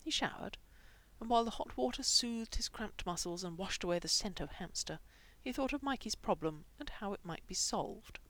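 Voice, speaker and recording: A woman reading fan fiction aloud, moving between plain narration and soft whispered asides. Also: medium pitch, moderate pace. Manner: reads dialogue with lively shifts, dropping to whispers.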